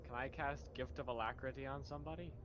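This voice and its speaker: A man's voice: mid-range voice, fairly even intonation, fast, a bit bright, dull audio, slight background noise. Eager impulsive man at the game table. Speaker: player. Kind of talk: casual tabletop game chat.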